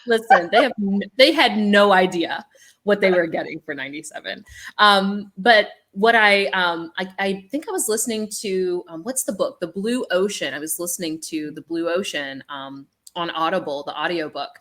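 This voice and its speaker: A woman speaking as an initiated shaman with a business background on a panel, an animated storyteller with many ums. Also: lowish voice, normal speed.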